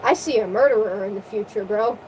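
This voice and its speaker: A woman's voice: mid-range voice, brisk, a little mellow, close to an everyday voice. A woman voicing a blind old male seer who talks in a vague, laid-back, slangy way, recorded from a distance. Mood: offhand. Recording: distant mic, faint noise.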